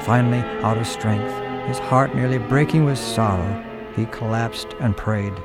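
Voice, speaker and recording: A man's voice: mid-range voice, normal speed. A man narrating a radio drama in an earnest, dramatic storytelling manner. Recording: music underneath.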